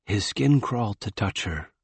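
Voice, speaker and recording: A male audiobook narrator with a measured, grave delivery. His voice is slightly husky and he takes his time over every line. The recording is close and dry. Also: medium pitch, lively intonation, no room sound. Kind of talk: scripted narration.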